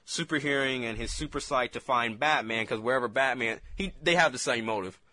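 Bright-voiced man retelling comics. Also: mid-range voice, fairly quick. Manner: animated, laughing storyteller. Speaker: podcast co-host. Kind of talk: casual chat recapping comics.

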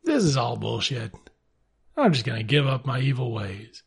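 A man voicing a brutal landowner who mutters that he is giving up his cruel ways, low and resigned. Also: big pitch swings, normal speed, creaky, slightly rough, full character voice.

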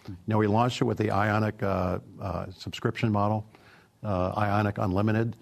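A middle-aged man with a low, gravelly voice. He speaks as an automotive executive in an interview, easygoing and anecdotal, padding his answers with "uh" and "you know.". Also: fairly even intonation, moderate pace. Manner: easygoing, anecdotal, many fillers.

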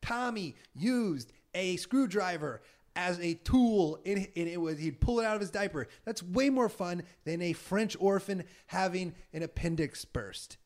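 A man's voice: high voice, animated, unhurried, darkish tone. A young man hosting a podcast in casual chat, teasing his guest and laughing often. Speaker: podcast host.

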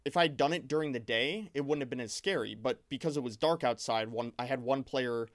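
Male game master, average pitch, rambling animated storyteller, casual chat. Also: brisk, dry recording, studio quality.

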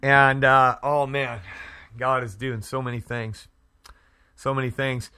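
Slow, very bright-voiced man preaching. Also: mid-range voice, little pitch movement, clear, resonant tone. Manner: halting, with frequent restarts and fillers; fervent, prays aloud. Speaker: Christian internet radio host. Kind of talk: casual faith talk show. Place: Edmonton area.

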